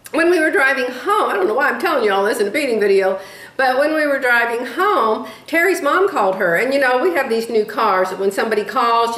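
A woman's voice: fairly high pitch, a bit bright. A woman in her sixties telling rambling stories in a casual vlog, chatty and drifting off topic, laughing at herself. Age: 60s. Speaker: beading vlogger. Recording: echoey room.

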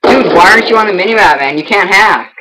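A man's voice: high voice, animated, fast, bright, forceful tone, a little hiss or hum, low-quality recording. A man chatting over game voice chat, taunting his opponents with mock outrage and repeating the same accusations over and over.

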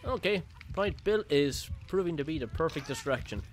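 A man's voice: a little high, lively intonation, moderate pace. A man giving live commentary on his own gameplay, panicky, muttering to himself and breaking into sudden yelps. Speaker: gaming YouTuber.

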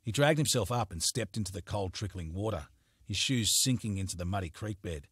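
This audiobook narration of a crime novel features a man whose voice is lowish with a breathy edge, telling the story in a steady, measured way. It's recorded close on a studio microphone with no echo.

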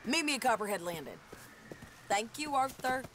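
A woman's voice: fairly high pitch, big pitch swings, normal speed, slight background noise. A woman voicing a fierce, vengeful frontier outlaw woman who talks blunt and hard. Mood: grim determined. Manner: curses and shouts in gunfights, hard and blunt. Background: game music.

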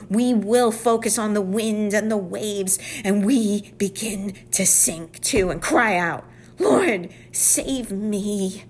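A woman's voice: medium pitch, slow pace, few pauses, a little hiss or hum. A woman giving a devotional Bible teaching. She speaks earnestly and often drops to a whisper for emphasis.

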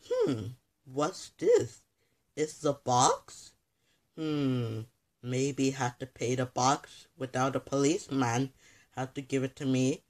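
A goofy man talking slowly through an improvised toy skit. His pitch swings wildly up and down, and he rambles as he slips in and out of voices. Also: very animated. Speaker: narrator and main performer of a toy skit.

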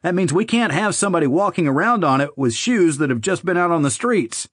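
A brash young army recruit barks in a high, strained voice, rough and profane, as a man narrator puts him on. The recording is dry and close with no room sound. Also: expressive, brisk, dry recording. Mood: apologetic. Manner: shouting, rough and accusatory.

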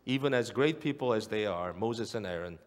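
A man's voice: on the low side, lively intonation, a little fast. A middle-aged male pastor preaching a sermon in a church, earnest, repeating key phrases and asking the congregation questions. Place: church sanctuary. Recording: long hall reverb.

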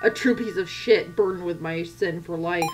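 A woman voicing a brooding, guilt-ridden young male policeman in a game, speaking low over loud background music. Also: moderate pace, lightly acted.

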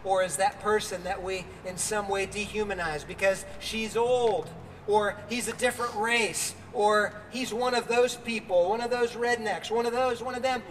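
A man's voice: high-pitched, steady tone, moderate pace, fairly bright tone, long reverb tail, far from the mic, a little hiss or hum. An older man preaching a sermon outdoors as pastor, earnest, with fillers and restarts.

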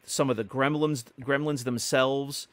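A man's voice: medium pitch, fairly even intonation, unhurried, a bit bright, dry recording. Chatty man, dry close sound. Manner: chatty storyteller, many fillers and restarts. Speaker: podcast co-host. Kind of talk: casual podcast chat.

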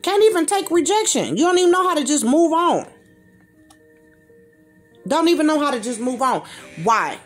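A woman reacts bluntly to a video in a slangy, informal rant, repeating phrases for emphasis. Her high voice swings widely in pitch at normal speed, with long pauses and faint music behind.

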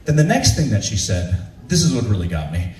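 On a stage before a live audience, a male actor tells a story from a comic convention, a little fast, acting out the people involved with big pitch jumps for their voices. He's picked up from far off in a large, echoey room by a distant mic, with faint ambience.

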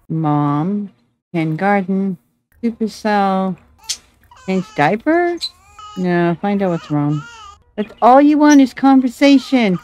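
A woman's voice: mid-range voice, a little mellow, low-quality recording. A woman giving casual commentary over her gameplay, talking to her game characters like a fussing mom. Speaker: gameplay video creator.

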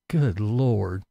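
A man with a gravelly, fry-laden voice hosts a live-stream commentary. He rants in a sarcastic, mocking way, swears freely and laughs often. His voice sits close and dry, with no room around it. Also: on the low side, no room sound, highs cut off. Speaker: YouTube commentary host reading live chat.

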